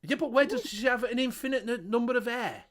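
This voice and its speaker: A man's voice: extremely high pitch, a little fast. A man from the United Kingdom hosting a casual chat show, exasperated and swearing a lot. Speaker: host.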